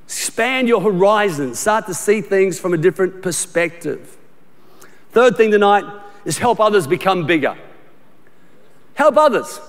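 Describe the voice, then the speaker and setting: A middle-aged Australian man preaches in a fairly high voice, emphatic and repetitive, restarting sentences as he talks to the congregation. His voice carries a long reverb through a large church auditorium. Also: lively intonation, measured pace, pauses often. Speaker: pastor. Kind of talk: sermon.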